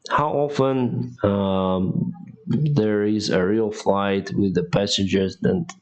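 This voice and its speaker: A man, an airline pilot answering viewer questions on a live stream, speaking in halting, restarting English with frequent laughs. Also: fairly low pitch, darkish tone. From Ukraine.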